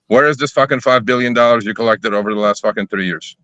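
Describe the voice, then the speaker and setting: A man's voice: medium pitch, fast talker, bright, forceful tone, no room sound, dull audio. A man telling a story in casual chat on a live stream, swearing freely and acting out both sides of the conversation.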